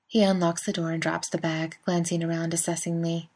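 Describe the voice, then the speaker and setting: A woman's voice: fairly low pitch, little pitch movement, fairly quick, a little mellow. A woman narrating a fan fiction story in a wry, conversational way. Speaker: reader. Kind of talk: fan fiction audiobook reading.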